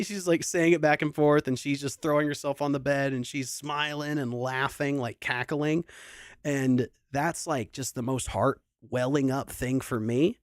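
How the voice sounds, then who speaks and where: In a studio-quality recording with no echo, a young adult man with a mid-range voice hosts a livestream concert as a singer. He chats casually and rambles through a sentimental story, restarting many times.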